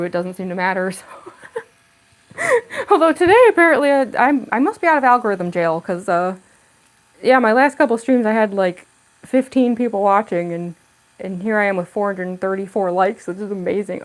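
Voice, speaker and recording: A woman's voice: mid-range voice, animated, fairly quick, rough recording. A young woman chatting casually with viewers on a home livestream, giggly and chatty, talking into a camera on a tripod. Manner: giggly, chatty, coos baby talk to her cat. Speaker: livestreaming cosplayer. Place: home room.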